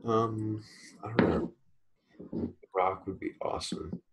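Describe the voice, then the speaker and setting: A young man chatting casually, relaxed and rambling, with hesitant restarts. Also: on the low side, slow, low-quality recording. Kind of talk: casual chat.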